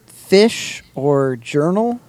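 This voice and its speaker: High, lively giggly man. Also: very slow. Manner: giggly, animated. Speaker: podcast co-host. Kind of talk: casual chat.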